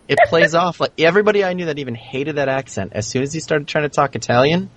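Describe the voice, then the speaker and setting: A man's voice: a little high, quick pace, fairly bright tone. A man co-hosting a casual film chat in a wry, laid-back way.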